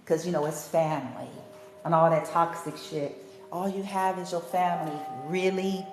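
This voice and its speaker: A woman's voice: fairly low pitch, fairly even intonation, moderate pace, roomy sound, slight background noise. A woman ranting to her viewers in a profane, sassy monologue, laughing often and throwing in mocking asides. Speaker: spiritual healer vlogger.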